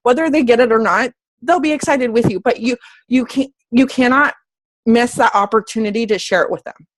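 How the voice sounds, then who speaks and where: A woman's voice: a little high, fairly quick, dry recording. A woman fitness coach giving her team a casual motivational talk, bubbly and chatty, often correcting herself mid-sentence. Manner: excitable, squeals when happy.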